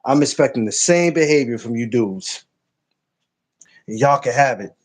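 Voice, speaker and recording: A man hosting a podcast in casual banter, loud and joking, repeating himself for effect. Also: medium pitch, animated, moderate pace. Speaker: podcast host.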